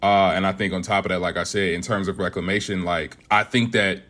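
Man, very low voice, rapper guest, earnest and measured, laughs easily. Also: fairly even intonation, fairly bright tone. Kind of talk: interview answers.

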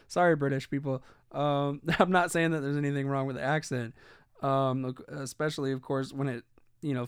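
Rambling, cursing man with a smooth voice. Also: fairly high pitch, no echo, studio quality. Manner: rambling, profane, many fillers and restarts. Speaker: commentator. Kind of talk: casual commentary.

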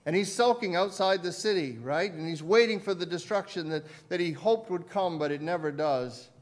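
A man preaching a sermon as pastor, swinging between loud emphasis and quiet asides and putting questions to his listeners. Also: high-pitched, normal speed. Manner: asks the congregation questions.

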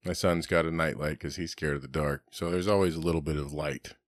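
A man's voice: very deep voice, steady tone, a little fast, no echo. A middle-aged man on a podcast, casually telling rambling stories full of swearing and laughter. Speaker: podcast host. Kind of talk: casual storytelling chat.

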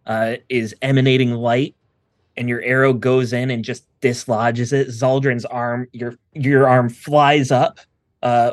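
A man running a tabletop game as game master, narrating scenes in a relaxed way with frequent pauses. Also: medium pitch, no echo.

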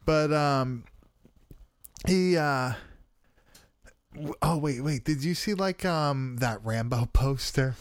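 A man's voice: a little high, slow, pauses often, no echo, clean studio sound. A man hosting a podcast, casually recapping a film in a rambling way, swearing and laughing often. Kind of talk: casual chat.

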